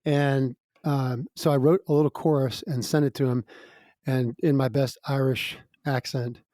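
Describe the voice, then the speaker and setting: A man's voice: mid-range voice, fairly even intonation, a little slow, dark tone, dry recording. Chatty man with a dry, close sound. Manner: chatty, laughs between lines, many fillers. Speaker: musical guest. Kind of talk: casual storytelling interview.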